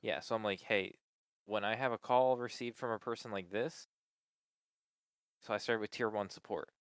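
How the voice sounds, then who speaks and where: A man's voice: fairly low pitch, moderate pace, fairly bright tone, smooth, no room sound, clean studio sound. A man in casual chat, venting with exasperation about a support call, swearing often and filling with "like".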